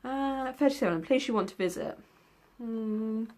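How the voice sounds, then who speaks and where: In a book vlog tag video, a young woman chats casually in a fairly high, slightly mellow voice at normal speed. Her talk meanders, dotted with ums and the odd yawn.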